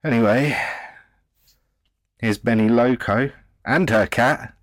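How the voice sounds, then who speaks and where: A man's voice: medium pitch, slow pace, no echo. Sardonic swearing male host. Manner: swearing, mocking, rambling. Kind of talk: sardonic commentary.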